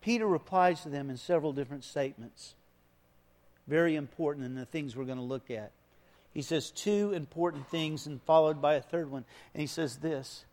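A man preaching a sermon as pastor, swinging from hushed lines to loud, emphatic ones. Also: a little high, normal speed, long reverb tail.

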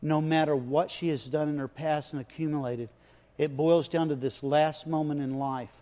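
A man preaching a sermon as pastor, animated, dropping to soft prayer and rising to loud acted-out stories. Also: on the high side, moderate pace. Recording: long hall reverb.

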